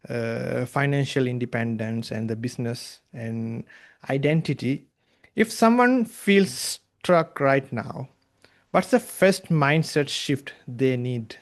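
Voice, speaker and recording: A man hosting a business podcast, speaking haltingly with many filler pauses before asking his guest questions. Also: medium pitch, animated. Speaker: podcast host. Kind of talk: interview hosting.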